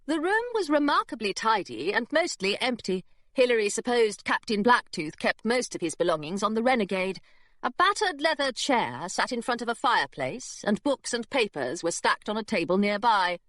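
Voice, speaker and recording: A woman narrating a children's adventure audiobook in an expressive storytelling manner. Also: a little high, normal speed, dry recording. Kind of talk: scripted narration.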